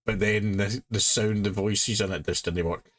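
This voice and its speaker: A man's voice: on the low side, steady tone, normal speed, fairly bright tone, soft background music, rough recording. A Scottish man chatting casually on a live stream, muttering to himself as he works.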